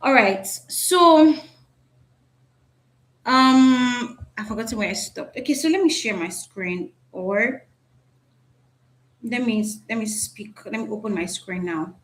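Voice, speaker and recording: A woman's fairly high, fairly bright voice moves unhurriedly as she runs a live online class by video call. She chats, often checks in with "right?", and asks her audience things.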